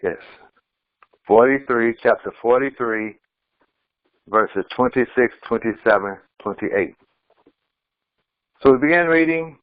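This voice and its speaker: A male imam gives an unhurried, deliberate scripture commentary, reciting a line and then translating it piece by piece. His voice is close and dry, with a slightly muffled, dull recording quality. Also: mid-range voice, dry recording. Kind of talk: Quran commentary lesson.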